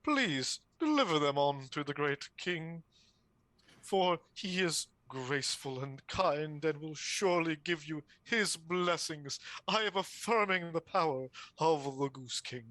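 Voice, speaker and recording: A man's voice: fairly high pitch, lively intonation, measured pace, fairly bright tone, no echo. A man voicing a buff goose in a tabletop game, speaking in a declamatory, ceremonial way. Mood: proclaiming. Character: buff male goose, grandly proclaiming.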